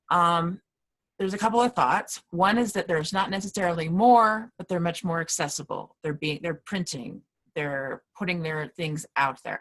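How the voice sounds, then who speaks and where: A woman's voice: sits low, a bit bright. A woman teaching a casual class on poetry, talking loosely with many fillers and restarts. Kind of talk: casual lecture.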